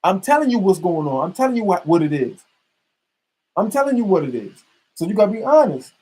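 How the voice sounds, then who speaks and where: A man ranting fiercely on his own podcast, preaching and swearing as he repeats his points. His voice sits high and comes out husky. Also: big pitch swings, brisk, mellow, poor audio. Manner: fiery, preachy, profane, repetitive. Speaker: podcast host. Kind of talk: heated ranting monologue.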